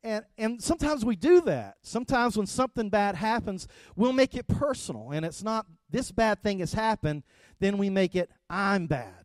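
Middle-aged preacher guy, high-ish voice, chatty sermon, dry close sound. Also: moderate pace, dry recording. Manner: conversational, storytelling, rising to loud animated retelling. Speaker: pastor.

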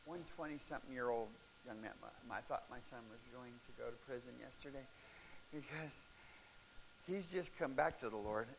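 A middle-aged male pastor telling stories in a sermon, animated and breaking into shouts and laughs at the peaks of a story. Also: mid-range voice, a little fast, gravelly. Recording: faint hiss.

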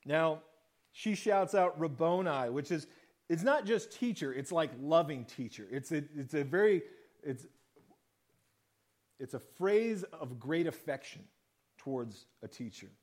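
A man's voice: a little high, animated, measured pace, pauses often, a little mellow. A man preaching a sermon in a conversational way, acting out the quoted lines of the story. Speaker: pastor.

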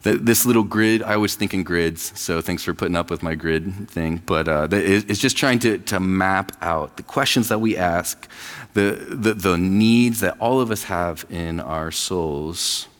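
A man's voice: low-pitched, measured pace, big-room sound. A man in his thirties, pastor of a church, preaching a conversational sermon and acting out quoted voices. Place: church sanctuary.

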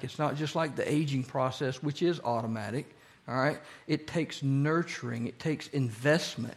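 A man teaching a casual Bible study, quizzing the group with fill-in-the-blank questions and talking faster when he gets excited. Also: on the high side.

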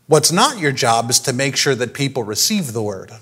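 A man's voice: medium pitch, sing-song, normal speed, fairly bright tone, husky. A male pastor preaching a sermon, posing rhetorical questions to his congregation and laughing often.

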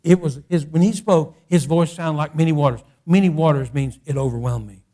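Preaching a sermon fairly quickly in a slightly high voice, a man pastor frequently repeats himself and restarts phrases, climbing to loud, fervent peaks.

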